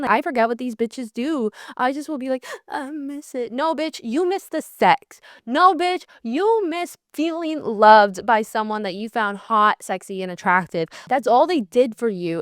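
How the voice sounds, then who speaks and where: A sassy young woman talking straight to her listeners, swearing freely as she hands out tough-love breakup advice. Her voice is smooth and clear, recorded dry and close with no room sound. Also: a little high, a bit bright, no echo. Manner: blunt, profane, sassy and direct to listeners. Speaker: podcast host. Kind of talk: candid advice monologue.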